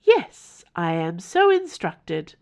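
A woman's voice: on the low side, wildly swooping pitch, slow pace, a little mellow, heavily acted. A woman voicing a sentient house that speaks in a creepy, formal, plaintive tone.

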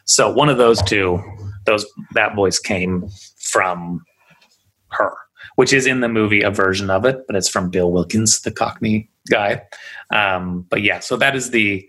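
Male podcast host, casual and rambling, lowish voice. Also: a little slow, bright, forceful tone, poor audio. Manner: chatty, rambling with many fillers. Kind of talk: casual storytelling chat.

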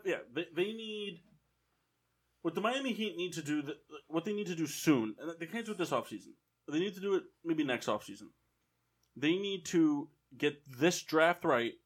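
A man co-hosting a casual sports podcast, arguing his opinions at length. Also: fairly high pitch. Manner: opinionated, argues points at length. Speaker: podcast co-host.

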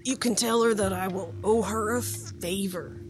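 A woman's voice: medium pitch, moderate pace, natural voice. A woman voicing a scatterbrained male djinn father, flustered and rambling, over background music.

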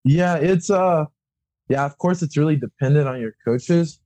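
A man's voice: fairly high pitch, moderate pace, mellow, dry recording. A young man, a wrestling coach, talking candidly and bluntly in a casual podcast chat, swearing freely and acting out quotes.

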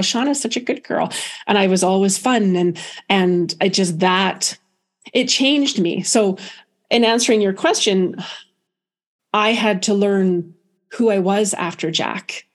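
A middle-aged woman, a guest on a podcast, telling a personal story in an animated, expressive way with many restarts. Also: medium pitch.

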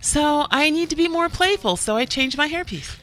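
A woman's voice: sits high, lively intonation, moderate pace, a bit bright, faint music behind. A woman co-hosting a radio talk show, playful and joking in casual chat. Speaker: radio co-host, therapist.

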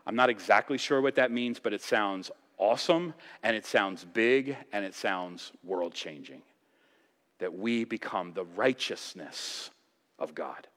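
A man's voice: on the low side, lively intonation, measured pace, a bit bright. Man preaching in an echoing sanctuary. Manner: impassioned preaching, rising and dropping for emphasis. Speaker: pastor. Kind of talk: sermon. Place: church sanctuary.

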